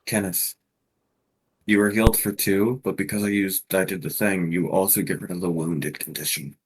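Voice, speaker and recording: A man's voice: sits low, steady tone, moderate pace, husky. A man taking part as a player in a tabletop role-playing game, talking loosely and hesitantly. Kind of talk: casual tabletop game talk.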